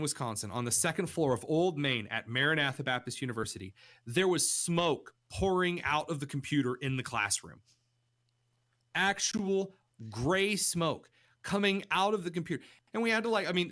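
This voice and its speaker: Young guy on a radio show, bright voice, animated storyteller, close studio mic. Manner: animated storyteller, jumps pitch for quoted voices. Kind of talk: casual radio chat.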